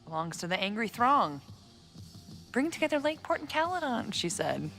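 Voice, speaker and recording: A dry, weary bar owner. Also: female voice, a little high, big pitch swings, normal speed, fairly bright tone, faint music behind. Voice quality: dry, sardonic. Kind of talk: video game dialogue.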